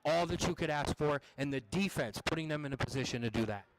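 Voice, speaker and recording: A man with a slightly high voice calls a live football game play by play. He is out of breath and bursts into shouts on the key plays. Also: fast talker, rough recording. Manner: excited, shouting the big plays. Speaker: play-by-play commentator.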